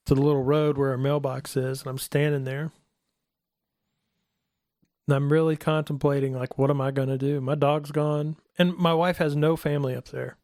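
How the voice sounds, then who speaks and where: A middle-aged man telling a personal faith story in a casual talk, animated and acting out the voices of the people in it. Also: no echo, studio quality. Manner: animated, acts out quoted voices in a higher pitch. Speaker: guest telling his testimony.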